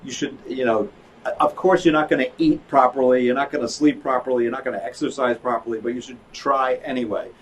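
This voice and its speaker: A man's voice: mid-range voice, fairly even intonation, a little fast, breathy edge. A man, hosting a live broadcast, chatting in a rambling, joking way with restarts. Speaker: host, psychologist. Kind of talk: casual chat on a live broadcast. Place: office. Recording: from far off, faint noise.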